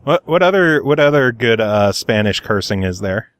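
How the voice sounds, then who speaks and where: A man hosting a podcast, chatting casually and asking quick questions. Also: medium pitch, animated, fairly bright tone. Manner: laughs easily, quick questions. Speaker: podcast host.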